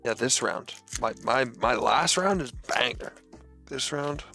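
A young Canadian man hosts a laid-back pack-opening session with friends. His voice carries a gravelly edge, and he jokes and swears in easy banter. Faint music plays in the background. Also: mid-range voice, lively intonation, measured pace, pushed and bright. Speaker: channel host opening card packs. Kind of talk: casual chat.

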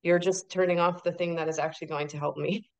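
A woman speaking as a podcast guest and author in casual interview chat, emphatic and animated, often asking rhetorical questions. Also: on the low side, quick pace.

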